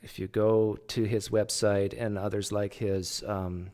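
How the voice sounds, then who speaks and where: A man's voice: fairly low pitch, little pitch movement, a little slow, warm tone. A man hosting a livestream, chatty and teasing, joking with his guest. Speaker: livestream host. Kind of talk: casual livestream chat.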